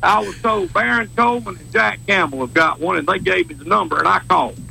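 A man's voice: sits high, vocal fry, bright, forceful tone, slight background noise, poor audio. A man with a Wiregrass Alabama accent, a judge calling in to a talk show, talking in a combative, fired-up way. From southeast Alabama. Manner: fired-up, rapid, combative, laughing.

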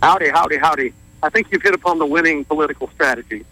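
A man's voice: a little high, fast talker, bright, forceful tone, no room sound, rough recording. A man playing a folksy, jokey recurring caller to a local radio show, drawling and laughing often.

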